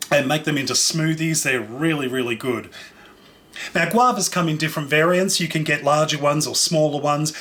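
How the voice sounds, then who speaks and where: A man with a slightly high voice hosts a relaxed cooking demonstration. He talks in a friendly, chatty way, enthusiastically describing flavours and textures as he tastes. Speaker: cooking show host. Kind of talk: casual food demonstration.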